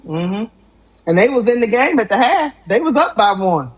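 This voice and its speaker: A middle-aged woman hosting a live sports talk stream, animated and exclamatory, laughing often. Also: a little high, normal speed, husky, poor audio. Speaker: sports talk show host.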